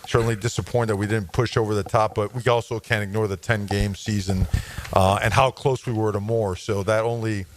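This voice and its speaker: A man being interviewed on the radio as a football coach, talking in an energetic, emphatic way. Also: lowish voice, a little fast, a little hiss or hum. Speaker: guest coach.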